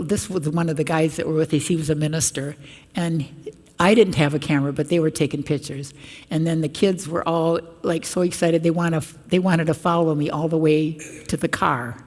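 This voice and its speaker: An older woman with a low voice tells stories to a parish congregation and springs into raised voices for the people she quotes. Her words ring out with the long reverb of a large church. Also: a little mellow. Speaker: guest speaker at a parish mission. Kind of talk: storytelling talk to a congregation.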